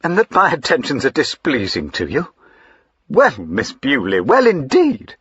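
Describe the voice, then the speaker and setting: A man reading aloud, voicing a pompous, hot-tempered country squire who blusters loudly and shrilly. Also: medium pitch, huge pitch swings, a little slow, husky, dull audio, pitched above the performer's own voice, full character voice. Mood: blustering.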